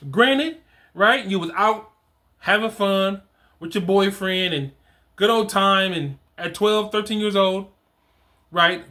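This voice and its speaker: A middle-aged man with an animated, conversational way of talking who hosts a show on fatherhood, reading from his program and often restarting his phrases. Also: high voice, slow, long pauses. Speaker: fatherhood coach and host. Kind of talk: casual solo talk reading from a program.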